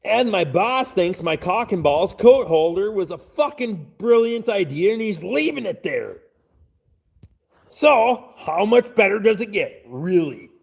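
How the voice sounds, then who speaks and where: A man's voice: high-pitched, very animated, measured pace, creaky, breathy edge. A man chatting casually on a live stream, reading out chat and swearing constantly in a crude, blunt way.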